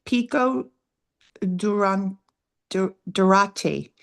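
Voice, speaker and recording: A woman's voice: mid-range voice, drawn-out words, creaky, fairly bright tone. A woman reading a text aloud in a live online session, stumbling over names.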